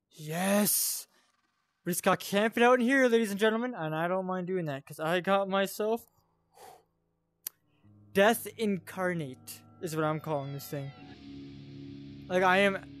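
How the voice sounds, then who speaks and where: A man giving casual VR gameplay commentary, excitable, swinging between yelling at enemies and muttering to himself. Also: high voice. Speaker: gaming channel host.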